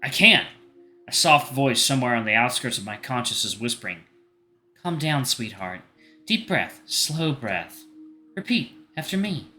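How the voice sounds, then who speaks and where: A man's voice: medium pitch, fairly quick, sharp tone, soft background music. A man reading as Kurt, an anxious, earnest teenage boy. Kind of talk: reading a visual novel aloud.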